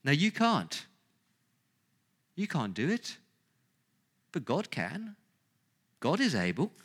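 A man preaching with a bright, forceful voice pitched a little high. He drives his points home with rhetorical questions and repetition, rising and falling between loud urgency and hushed weight. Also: huge pitch swings, slow pace, slightly rough. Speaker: pastor. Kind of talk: sermon.

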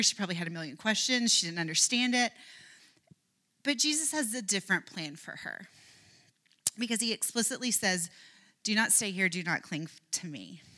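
A woman giving a Bible talk, telling the story earnestly and dropping to a soft, near-whispered voice at moving moments. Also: mid-range voice. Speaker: Bible teacher.

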